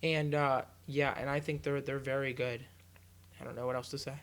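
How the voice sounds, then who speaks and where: A man's voice: mid-range voice, little pitch movement, normal speed, a bit bright. A young man co-hosting a casual podcast, teasing his friends in a laid-back way. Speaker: podcast co-host. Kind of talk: casual chat.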